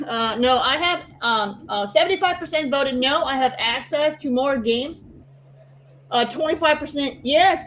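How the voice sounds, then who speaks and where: A woman co-hosting a podcast in casual chat, who laughs easily and explains things in quick asides. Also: sits high, fairly bright tone, poor audio. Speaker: co-host.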